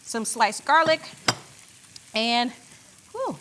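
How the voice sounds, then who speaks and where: Woman, chef, cooking demo, upbeat, gushing, slightly high voice, faint frying noise. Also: very animated, drawn-out words. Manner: upbeat, gushing, says "beautiful" a lot. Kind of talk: cooking demonstration. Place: studio kitchen.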